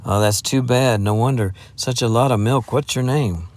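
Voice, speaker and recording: A man's voice: mid-range voice, moderate pace, darkish tone, close to an everyday voice. A man voicing a kindly, bantering grown man in a storybook reading. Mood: genial. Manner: genial and bantering.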